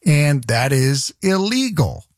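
A man's voice: on the high side, sing-song, slow, no room sound, clean studio sound. Sarcastic rambling talk radio host man. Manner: rambling, sarcastic, exasperated asides. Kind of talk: news commentary monologue.

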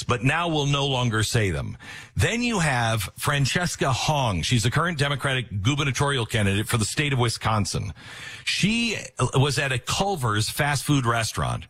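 A man delivers political commentary with a husky, slightly rough edge to his voice. His pitch swings widely as he retells events with heavy sarcasm, mimicking the people he quotes. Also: fairly bright tone. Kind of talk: opinionated news commentary.

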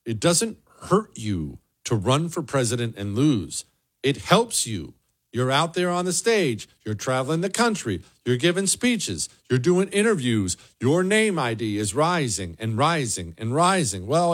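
Man, political talk host, sarcastic, emphatic, animated delivery, mid pitch. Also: unhurried. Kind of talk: opinionated monologue.

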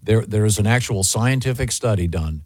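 A man's voice: fairly low pitch, expressive, moderate pace, darkish tone, no room sound. A man co-hosting a morning radio show in a studio, bantering casually with dry jokes and lots of ums and uhs. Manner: dry jokey delivery with many fillers. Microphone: studio microphone.

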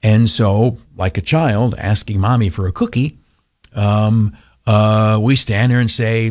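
A man's voice: lowish voice, slow pace, darkish tone, no echo, studio quality. An older man giving an informal devotional talk in a folksy, rambling way with many fillers.

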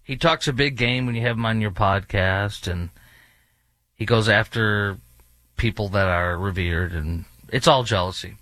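Bright, sarcastic male talk host. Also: lowish voice, unhurried, no room sound. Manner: sarcastic, mocking, rambling asides. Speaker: political commentary host. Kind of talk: opinionated talk radio commentary.

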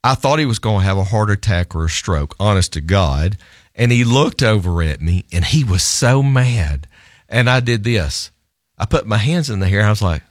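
A male lawyer telling a story in an animated, self-amused way, laughing often as he talks. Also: lowish voice, normal speed, no room sound, studio quality.

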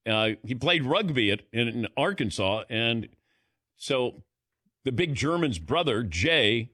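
A middle-aged man hosting a sports talk show, chatty and quick to laugh as he calls on his co-hosts. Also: mid-range voice, sharp tone, no echo, clean studio sound. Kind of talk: casual studio banter.

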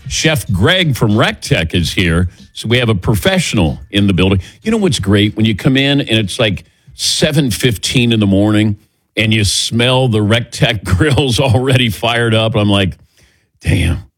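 A man hosting a morning sports talk show on the radio, bantering loosely with his crew and tossing to them by name. His voice sits at an ordinary pitch. The sound is dry and close, on a studio mic. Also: expressive, a little slow, dry recording. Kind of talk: casual radio show chat. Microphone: studio microphone.

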